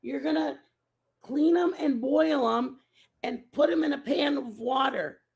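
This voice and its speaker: A woman's voice: high-pitched, a little slow, creaky, darkish tone. A woman hosting a casual live stream, rambling and chatting with her viewers and answering their messages by name.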